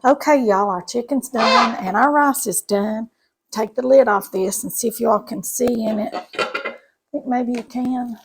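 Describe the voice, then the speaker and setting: A woman's voice: on the high side, unhurried, background noise. A middle-aged woman, chatting folksily to viewers while cooking in her home kitchen. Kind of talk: casual cooking chat to camera.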